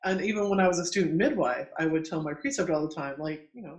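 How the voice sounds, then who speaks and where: Animated middle-aged man telling stories. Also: fairly high pitch, fast, dull audio. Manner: animated, acts out quoted voices, laughs often. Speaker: midwife. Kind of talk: casual storytelling in conversation. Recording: roomy echo.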